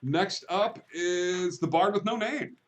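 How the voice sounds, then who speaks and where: A man's voice: sits high, takes it slowly. Chuckling man running a tabletop game. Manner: relaxed, chuckling, many ums and uhs. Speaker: game master.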